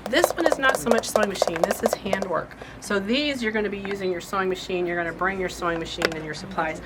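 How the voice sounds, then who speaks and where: A woman hosting a craft shop's update video, chatting in a rambling, homespun way about upcoming classes. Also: medium pitch. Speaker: shop host and class teacher. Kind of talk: casual shop-update chat. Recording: noisy shop recording.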